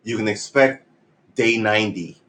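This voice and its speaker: A man's voice: fairly low pitch, moderate pace, noisy background. A man live-streaming his guitar practice, chatting in a rambling, jokey, self-mocking way. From United States. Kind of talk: casual live-stream chat.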